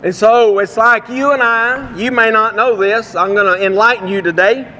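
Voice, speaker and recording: A man from Texas with a Texan accent, preaching a sermon with folksy stories and slowing down to read scripture. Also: high voice, steady tone, bright, forceful tone, in a large hall.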